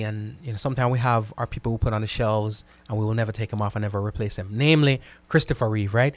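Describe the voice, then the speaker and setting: A man in the middle of his range talks straight into a close mic, and the sound is dry, with no room around it. He hosts a casual live stream and reacts to viewer comments in an animated way. He keeps repeating phrases and tags his points with "right?". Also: mid-range voice, dry recording. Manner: animated, repeats words and asks "right?" often. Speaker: host reading live chat comments.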